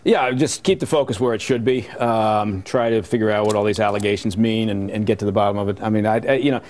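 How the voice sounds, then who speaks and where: A man on a late-night panel show, talking haltingly with many restarts. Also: on the low side, fairly even intonation, darkish tone.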